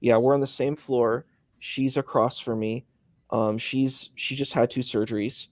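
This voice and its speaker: A man's voice: mid-range voice, fairly even intonation, measured pace, darkish tone, no room sound. A man in casual conversation, rambling through a story with many fillers, speaking from a hospital.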